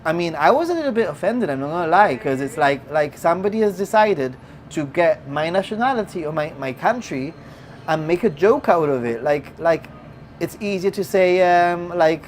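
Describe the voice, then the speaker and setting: A host from Gibraltar telling a story in casual chat, turning loud and excited as it goes. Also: medium pitch, moderate pace, a little hiss or hum. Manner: animated, gets loud and excited when retelling.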